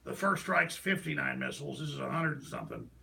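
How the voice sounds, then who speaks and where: A middle-aged man hosting a talk show, delivering a heated political rant that swings between loud outbursts and low mutters. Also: fast, vocal fry.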